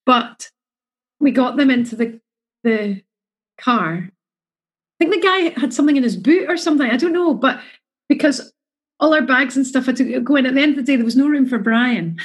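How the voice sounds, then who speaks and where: A middle-aged woman tells a personal story in a chatty, emotional way. Her voice sits a bit high and has a husky edge. She slips into the voices of the people she quotes. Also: normal speed, pauses often, rough recording. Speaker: mother sharing her story. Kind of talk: casual storytelling.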